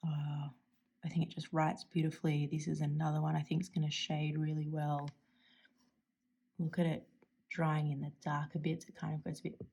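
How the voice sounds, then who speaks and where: An Australian woman hosting a casual stationery video, chatty and enthusiastic, often dropping to a soft near-whisper. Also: low-pitched, creaky, husky. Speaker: stationery channel host. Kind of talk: casual chat while swatching inks.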